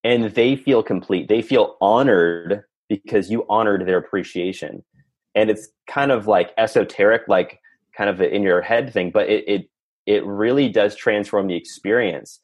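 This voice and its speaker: An earnest man with a low, husky voice talks through a personal story as a podcast guest. He reflects as he goes, piling one thought onto the next. The sound is dry and close. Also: normal speed, no room sound, highs cut off. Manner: earnest, reflective, talks in long run-on stretches. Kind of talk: candid storytelling conversation.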